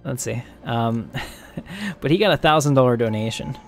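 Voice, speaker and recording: A man's voice: mid-range voice, animated, normal speed, soft background music. Chatty, joking male game streamer. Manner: chatty, joking, laughs often, thinks aloud. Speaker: live-stream gamer. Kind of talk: casual live-stream commentary.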